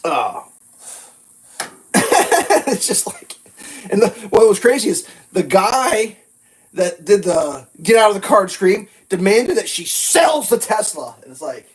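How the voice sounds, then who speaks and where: Speaking slowly in a high voice, a vlogger cooks pancakes at his kitchen griddle and tells stories in a loose, rambling, profane, animated manner. The recording is rough, and the talk is casual chat.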